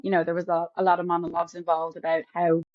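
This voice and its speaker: A woman's voice: on the low side, completely flat delivery, quick pace, dry recording. A young Irish woman, an actor, chatting casually as a podcast guest with lots of fillers and restarts. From Ireland. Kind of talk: casual interview chat. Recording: dull lo-fi sound, dry.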